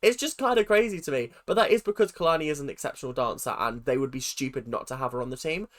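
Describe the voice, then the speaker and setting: A woman's voice: a bass voice, fast. A woman hosting a reaction video, ranting and laughing in casual commentary. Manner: animated and ranting, laughing often.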